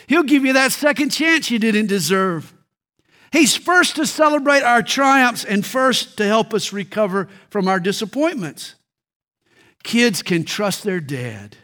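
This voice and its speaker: Man, high-pitched, middle-aged pastor, preaching a sermon, slows for emphasis. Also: fairly bright tone.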